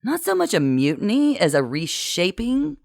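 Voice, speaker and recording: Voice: medium pitch, wildly swooping pitch, moderate pace, gravelly, darkish tone, no room sound, studio quality, pitched above the performer's own voice. The narrator voicing a bossy, scheming woman who dresses up orders in corporate euphemisms.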